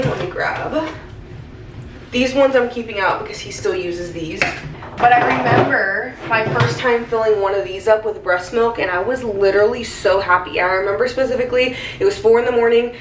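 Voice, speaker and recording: A woman's voice: on the high side, a bit bright, far from the mic. A young woman rambles candidly to her camera at home, scattering fillers as she goes. She sits back from the mic, so her voice bounces around an echoey kitchen. A faint hiss sits under the recording. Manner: rambling, candid, heavy use of "like". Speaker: stay-at-home mom vlogger. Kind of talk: casual confessional vlog.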